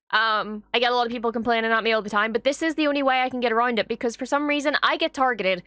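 A young Irish woman hosting a reaction video, chatting casually and gushing excitedly with frequent swearing. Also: fairly high pitch, clean tone, no echo, studio quality.

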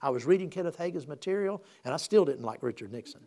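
Male pastor, gravelly, a bit high-pitched, storytelling sermon, restarts a lot and builds up emphasis. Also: expressive, fast talker, warm tone.

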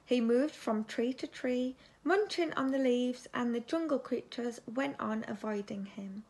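This woman speaks on the high side, slightly slowly, with a darkish tone and a breathy edge. She's a teacher giving an expressive reading of a children's story, pausing now and then to put questions to the kids.

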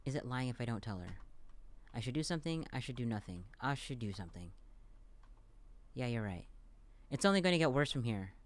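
A man playing a dialogue-heavy game, reading the lines aloud and reacting between them with quick, playful asides. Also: mid-range voice, sing-song. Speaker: let's play gamer.

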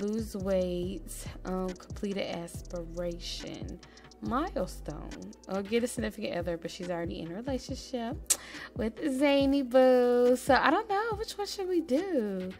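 A woman hosting a casual let's-play, chatting straight to her viewers and swinging between quiet murmuring and excited squeals. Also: medium pitch. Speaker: gaming channel host.

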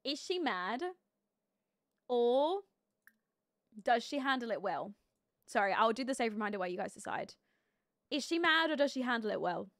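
A woman streaming a life-sim game live, chatting casually and thinking aloud, with sudden excited outbursts. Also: fairly high pitch, moderate pace, long pauses, dry recording, studio quality. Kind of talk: live gameplay commentary.

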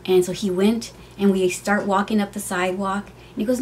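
A woman's voice: medium pitch, steady tone, a little fast, a little mellow, a little hiss or hum. Chatty middle-aged woman telling a story. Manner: chatty, heartfelt storytelling with many fillers. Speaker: vlogger. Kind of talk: personal storytime. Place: at home.

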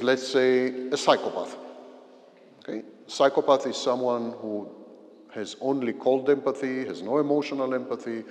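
Male psychology lecturer, animated delivery, repeats points, reverberant lecture hall. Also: mid-range voice. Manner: explains slowly, repeats key phrases, gives everyday examples. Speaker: visiting psychology professor. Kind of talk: university lecture.

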